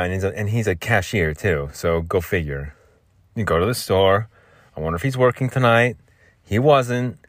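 A young man with a fairly low voice hosting a solo podcast. He wanders from tangent to tangent and keeps teasing his listeners. The recording is dry and close, with no room echo. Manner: joking, self-teasing, meandering. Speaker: podcast host. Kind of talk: rambling solo podcast chat.

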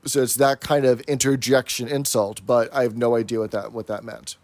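A man's voice: mid-range voice, flat delivery, a little fast, a little mellow, no echo. A man co-hosting a podcast, casually recapping a sitcom episode scene by scene. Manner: recapping, plot by plot. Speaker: podcast co-host.

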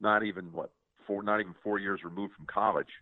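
A man's voice: sits low, fairly even intonation, fairly quick, no room sound. A man in his sixties hosting a conversational interview, effusive and often stammering over repeated words. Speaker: host. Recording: tinny phone-like sound, dry.

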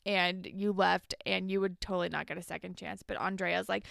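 A woman's voice: flat delivery, a little fast, gravelly, a bit bright, no echo, clean studio sound. A young woman co-hosting a casual podcast, recapping a TV episode and acting out the characters' lines. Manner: chatty, acts out characters' lines with big pitch jumps. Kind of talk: casual chat.

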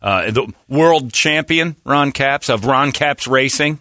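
Bright, lively-voiced male radio host. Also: mid-range voice, slow pace, no echo, studio quality. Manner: wisecracking, laughs often, slips into mock voices. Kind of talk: joking morning radio banter. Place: radio studio. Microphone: studio microphone.

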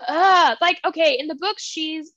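A young woman co-hosting a podcast in casual chat, expressive and quick to react. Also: extremely high pitch, no room sound. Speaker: podcast co-host. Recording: dry, dull lo-fi mic.

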